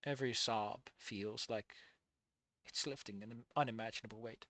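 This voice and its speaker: Guy reading fanfic out loud and critiquing it, brightish higher voice, goes quiet for the reading then loud and worked up, dry close mic. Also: normal speed, no echo. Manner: alternates hushed reading with loud, excitable critique. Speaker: fan fiction reader and critic. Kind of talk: reading a story aloud with commentary.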